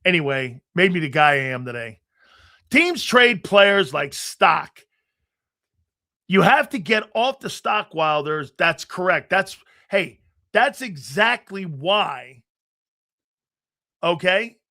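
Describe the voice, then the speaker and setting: A man hosting a live sports talk show, loud and excitable, swearing freely and breaking into shouts while he tells stories in quick bursts. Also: fairly high pitch. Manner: rapid storytelling with restarts.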